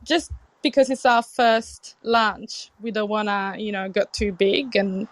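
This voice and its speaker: A woman's voice: medium pitch, steady tone, a little slow. A young adult woman chef from Sicily with an Italian accent touched by British English, talking earnestly and frankly in an interview. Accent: Italian with British English influence. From Sicily, Italy. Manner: earnest, frank, with frequent restarts. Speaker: chef, guest. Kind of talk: casual interview conversation.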